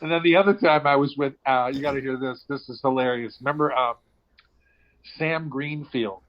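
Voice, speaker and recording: A man telling comic road stories in casual chat, acting out voices with loud outbursts. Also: medium pitch, normal speed. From Boston area. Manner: animated storyteller, acts out voices with loud outbursts. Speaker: comedian guest. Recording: dull lo-fi sound.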